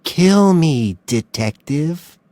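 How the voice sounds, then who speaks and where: A man voicing a calm, smug male serial killer who speaks softly and slowly. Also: mid-range voice, no room sound, pitched above the performer's own voice. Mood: menacing. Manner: soft, slow, mocking calm.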